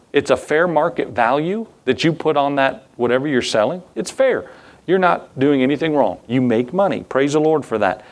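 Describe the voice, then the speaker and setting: A man's voice: medium pitch, darkish tone. A man preaching a Bible sermon to a congregation, reading scripture aloud and asking the listeners questions, with rising emphasis on key words. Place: church.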